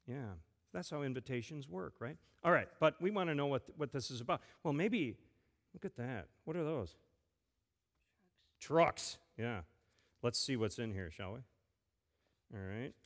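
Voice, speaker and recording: A man, a pastor giving a playful children's sermon and gently asking a child many questions. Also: medium pitch, animated, moderate pace, long pauses. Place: church sanctuary. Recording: long church reverb.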